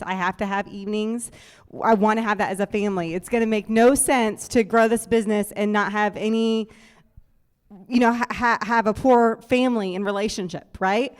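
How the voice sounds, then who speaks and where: A woman's voice: a little high, smooth, long reverb tail. A woman co-hosting a business talk, explaining earnestly and steadily with a few fillers. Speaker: co-host, business partner. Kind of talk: speaking at a business conference.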